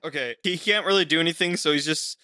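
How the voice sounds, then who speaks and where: Bright-voiced man thinking aloud at the table. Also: fairly high pitch, quick pace, clear, resonant tone, no echo, clean studio sound. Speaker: tabletop game player. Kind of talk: casual game table chat.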